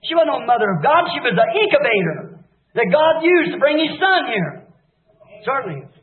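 Brief: fervent man preacher with a very high voice; shouts, then drops to hushed lows; old tinny tape in an echoey hall. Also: big pitch swings, moderate pace. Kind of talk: impassioned revival sermon.

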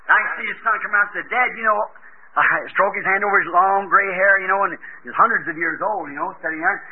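A man's voice: sits high, fast. A man preaching a sermon in a folksy storytelling way, acting out the voices of biblical characters. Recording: tinny lo-fi old tape with hiss.

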